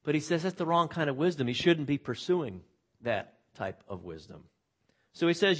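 A man's voice: fairly high pitch, expressive, normal speed. Man preaching in a conversational way. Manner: conversational preaching with dramatic scripture reading; frequent word repeats and restarts. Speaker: pastor. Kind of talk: sermon.

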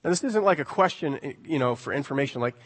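A man's voice: a little high, lively intonation, fast, breathy edge, big-room sound. A male preacher giving a sermon, telling a story in a conversational way with rhetorical questions.

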